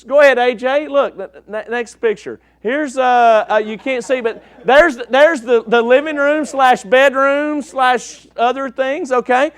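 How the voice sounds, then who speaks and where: In a church sermon with slides, an East Texas preacher jokes in a folksy manner and checks in with "okay?". His very high-pitched voice is unhurried yet runs with hardly any pauses, and there's no room sound.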